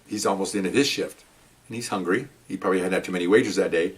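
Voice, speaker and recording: Older former police officer telling a story, quick and animated, slightly distant mic. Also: male voice. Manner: animated, jumps up in pitch when acting out dialogue. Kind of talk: casual storytelling. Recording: voice picked up from a distance.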